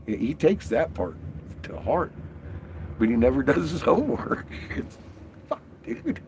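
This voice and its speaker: A man's voice: medium pitch, very animated, moderate pace, dark tone, a little hiss or hum. A man hosting a casual livestream, ranting in a profane, rambling way and laughing often. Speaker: livestream host.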